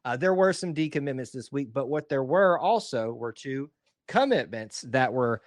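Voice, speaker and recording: A man's voice: lowish voice, no echo, studio quality. A man from Alabama with an Alabama Southern accent, co-hosting a casual sports podcast in a rambling, joking, self-deprecating way. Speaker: podcast co-host.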